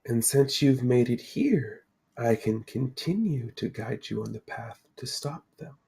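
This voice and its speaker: A man voicing a calm, cryptic ancient female spirit who watches over fate, speaking slowly and solemnly. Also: mid-range voice, creaky, slightly rough, exaggerated voice. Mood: serene. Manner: slow, measured, solemn pronouncements.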